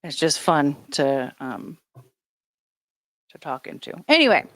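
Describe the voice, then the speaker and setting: A woman's voice: low voice, sing-song, slow, fairly bright tone, no room sound. A woman hosting a casual livestream chat, rambling and swearing offhandedly as she talks into a handheld karaoke microphone. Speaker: livestream host.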